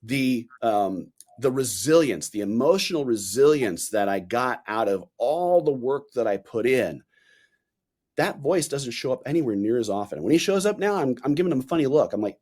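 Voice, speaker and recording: A man in his forties, a podcast guest, chatting casually and telling animated stories in which he acts out the voices he quotes. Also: mid-range voice, moderate pace. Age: 40s. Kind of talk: casual interview chat.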